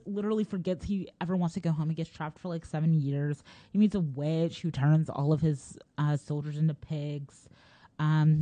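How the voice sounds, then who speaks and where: A woman's voice: low voice, dark tone, no echo. A young woman casually retelling a story in a rambling, slangy way, full of fillers and laughs.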